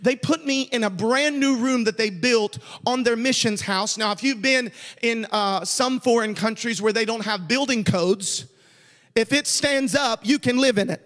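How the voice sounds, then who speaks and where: A man preaching in a church, his voice very high for a man and carried by a long reverb. He tells stories conversationally, then rises to shouted emphasis on key points. An evangelist delivering a sermon. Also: normal speed. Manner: storytelling, rising to shouted emphasis. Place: church sanctuary.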